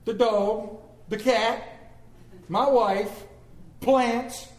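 High-voiced pastor preaching with humor. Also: male voice, steady tone, extremely slow, echoey room. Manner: storytelling with humor, call and response. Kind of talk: sermon.

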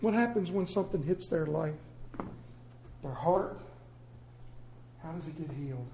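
A man's voice: a little high, expressive, measured pace, creaky, dark tone, slight background noise. A man preaching a sermon, telling folksy, exaggerated stories in a church. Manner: folksy storytelling with comic exaggeration. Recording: echoey room.

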